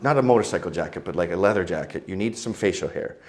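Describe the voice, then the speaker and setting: Animated storytelling man from Canada. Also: low voice, fast talker. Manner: animated, mimics voices in anecdotes. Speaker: guest. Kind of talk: crude comic storytelling.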